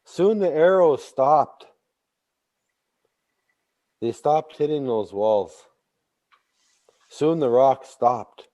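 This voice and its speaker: A man telling a traditional story slowly, repeating phrases and bursting into sudden animated emphasis. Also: mid-range voice. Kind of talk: oral storytelling.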